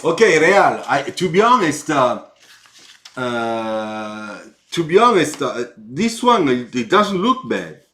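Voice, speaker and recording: A man with an Italian accent giving live feedback on car sketches, slow and halting, with encouraging asides. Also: medium pitch, very animated, fairly bright tone.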